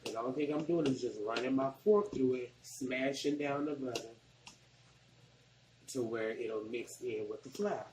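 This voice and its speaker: A Southern man from Arkansas, a cooking vlogger, rambles in a chatty, colloquial way while demonstrating a recipe in his own kitchen. He talks at a moderate pace and medium pitch; the room echoes and background noise is present.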